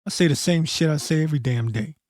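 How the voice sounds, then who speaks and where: A man hosting a casual scripture commentary, blunt and profane, tossing in "man" often and reading verses slowly and deliberately. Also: a little high, a little mellow, dry recording, clean studio sound. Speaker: host of a prophecy commentary channel.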